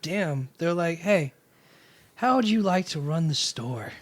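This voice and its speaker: A man's voice: on the high side, lively intonation, slow pace, no room sound. A young man co-hosting a casual chat over beers, joking wryly and teasing his friend. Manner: wry, teasing, laughs often. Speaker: podcast co-host.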